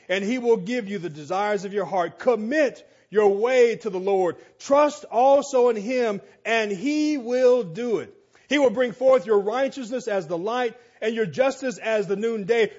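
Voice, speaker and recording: A man with a high voice delivers a sermon at an unhurried pace. He reads scripture and drives his points home through slow, emphatic repetition. The recording sounds slightly dull and lo-fi. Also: a little mellow. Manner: slow, emphatic delivery with repeated phrases and rising exclamations. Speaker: preacher.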